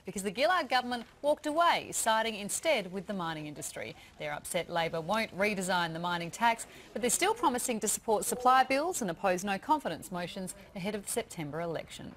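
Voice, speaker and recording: A woman hosting a TV news show, reading headlines briskly and laughing easily with her co-hosts. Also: mid-range voice, animated, a little hiss or hum. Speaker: news host. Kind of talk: news reading and studio banter. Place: TV studio.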